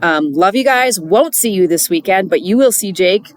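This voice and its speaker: A woman's voice: mid-range voice, animated, normal speed. A middle-aged woman speaking to church volunteers in an earnest, chatty devotional talk, with many fillers and restarts.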